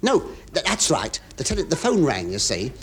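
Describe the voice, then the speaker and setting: Rambling, stammering English comedian. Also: male voice, a little high, wildly swooping pitch, normal speed, a bit bright. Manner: rambling, stammering asides and confiding patter. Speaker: comedian and show host. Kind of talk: stand-up comic monologue to a studio audience. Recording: hissy 1970s radio recording.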